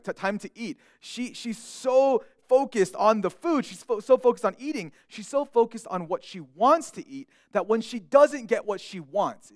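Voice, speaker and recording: A young male pastor preaches in an earnest, heartfelt way, often doubling back and repeating words as he restarts a thought. His voice sits high for a man and swings widely in pitch. The sound is close and dry. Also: dry recording. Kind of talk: sermon.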